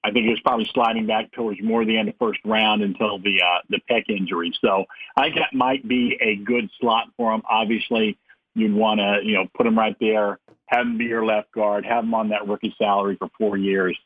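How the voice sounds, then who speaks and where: A man's voice: on the low side, flat delivery, fairly quick, breathy edge, no room sound. Rambling man on a tinny phone line. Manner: rambling, full of "you know" and restarts. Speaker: sports podcast co-host calling in. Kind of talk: casual sports podcast chat.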